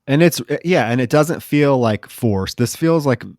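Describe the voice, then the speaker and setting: A man co-hosting a horror film podcast, recapping scenes in a casual, animated way and acting out the characters' lines. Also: medium pitch, measured pace, no echo, studio quality. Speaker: podcast co-host.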